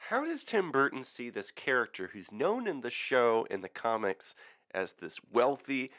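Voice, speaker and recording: An excitable man co-hosting a casual movie podcast. His voice swoops widely in pitch and sounds bright, and he talks with emphatic, jokey enthusiasm. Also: normal speed. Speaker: podcast co-host.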